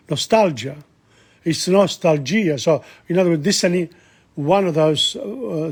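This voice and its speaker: A man's voice: high-pitched, a little mellow, husky. A man teaching Italian by working through a song's lyrics word by word, repeating terms and breaking down the grammar. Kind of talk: explaining song lyrics line by line.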